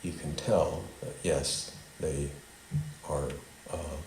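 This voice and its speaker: This man's voice is very deep, slow, steady, and slightly mellow. He wanders through his teaching to a small group in a spiritual center's meeting hall, leading a call-and-response recitation, and the recording is echoey with faint noise.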